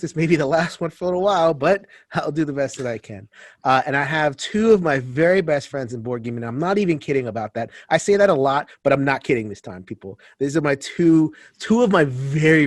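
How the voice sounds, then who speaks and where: Male host, fairly high voice, dry close sound, chatty book-chat energy. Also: no echo. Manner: chatty and upbeat, with frequent fillers.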